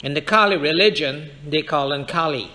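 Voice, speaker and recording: A man's voice: fairly high pitch, moderate pace, pushed and bright. A man preaching a fervent sermon to his congregation in a church, quoting scripture and addressing listeners directly. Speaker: pastor. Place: church sanctuary.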